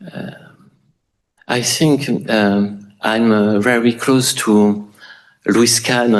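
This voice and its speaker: A man with a French accent, a native French speaker, giving an architecture lecture in English with frequent pauses and restarts. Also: fairly low pitch. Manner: halting, many fillers and restarts. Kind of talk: public lecture.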